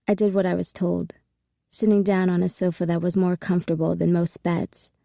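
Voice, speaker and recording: A woman reading a first-person audiobook in a steady, intimate storytelling manner. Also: on the low side, moderate pace, gravelly, no echo, clean studio sound. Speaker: audiobook narrator.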